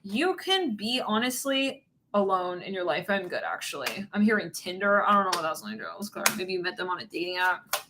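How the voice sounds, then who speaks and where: A woman's voice: medium pitch, lively intonation, brisk, background noise. A woman giving a casual tarot reading, rambling and giggly, swearing bluntly as she talks. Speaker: tarot reader.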